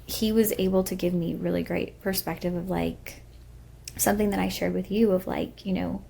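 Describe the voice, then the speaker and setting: Brief: young woman podcast co-host, husky with gravelly fry, earnest and rambling. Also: on the low side, steady tone, normal speed, dark tone. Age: young adult. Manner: earnest, rambling with many fillers. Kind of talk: casual emotional chat.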